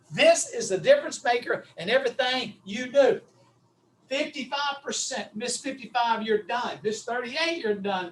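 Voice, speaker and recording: A man's voice: very high-pitched, distant mic, a little hiss or hum. A middle-aged man, coaching on public speaking in an emphatic, repetitive, punchy style over a video call. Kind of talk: animated coaching talk.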